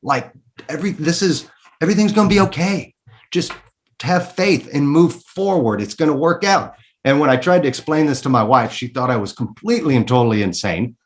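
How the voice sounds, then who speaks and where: A man's voice: on the high side, lively intonation, brisk. A man, a guest in a casual interview, telling his story candidly and emphatically, swearing freely and repeating words when he gets worked up.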